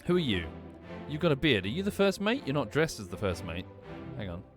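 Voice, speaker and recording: A man gives casual commentary on his game stream, thinking aloud with a lively, swinging voice. He keeps apologizing and correcting himself, while faint game music plays underneath. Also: mid-range voice, fairly quick.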